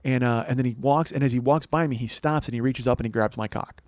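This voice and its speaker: A man in his forties, a podcast host, telling a story in a profane, rambling way full of halting restarts. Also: mid-range voice, heavy background noise. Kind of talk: comic storytelling monologue.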